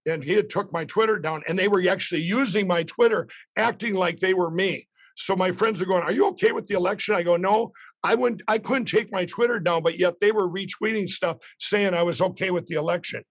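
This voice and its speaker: A man's voice: high voice, brisk. A middle-aged man telling a long story as a podcast guest, rambling with restarts and acting out quotes. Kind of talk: animated storytelling.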